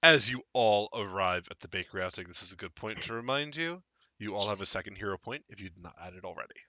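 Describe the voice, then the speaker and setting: A man's voice: on the low side, fast, bright, forceful tone, no echo. A man running a tabletop game as game master, narrating and ruling with a playful manner, often laughing.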